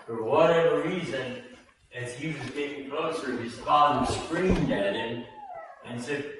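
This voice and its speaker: A man's voice: a little high, measured pace. Male preacher, storytelling sermon, very echoey hall, mic far away, faint hiss. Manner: conversational storytelling, voicing the people in his story.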